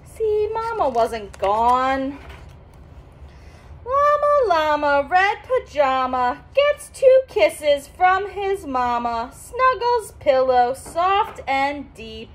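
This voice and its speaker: Extremely slowly, a high-pitched woman reads a children's picture book with great animation. She uses a sing-song, teacherly style and breaks off to explain vocabulary to young listeners.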